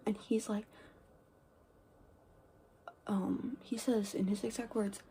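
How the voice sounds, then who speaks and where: A teenage girl rambling through a casual get-ready-with-me story, full of "like" and "um", with quiet asides. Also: fairly high pitch, steady tone, a little slow, heavy background noise. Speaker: vlogger.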